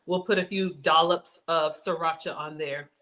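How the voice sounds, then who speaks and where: A woman hosting a casual cooking demonstration, chatty and excitable, talking straight to her viewers as she builds a snack. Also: sits low, moderate pace. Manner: bubbly, excitable, chatty, addresses viewers as y'all. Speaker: cooking show host.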